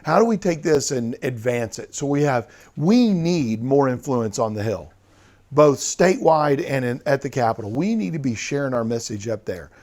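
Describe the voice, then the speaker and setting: A man's voice: mid-range voice, lively intonation, moderate pace, a little mellow. A man leading part of a conference discussion, earnest and rallying the group. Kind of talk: open-forum conference talk.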